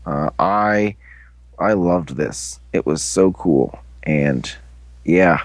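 A man giving an excited, casual recap of an episode, slipping into quick character voices. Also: low-pitched. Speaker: fan commentator.

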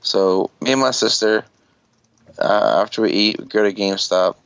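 Gravelly dude rambling through a story on a call, dry and kinda muffled. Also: male voice, lowish voice, normal speed, fairly bright tone, no echo. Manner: rambling, swears casually, acts out quotes. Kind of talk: casual storytelling on an online call.

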